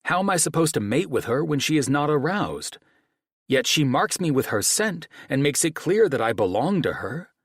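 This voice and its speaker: Brooding possessive male dragon, read by a man; husky, animated delivery, dry booth sound. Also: fairly high pitch, no echo, heavily acted. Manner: grave, measured, formal phrasing. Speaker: audiobook narrator. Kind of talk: first-person audiobook narration.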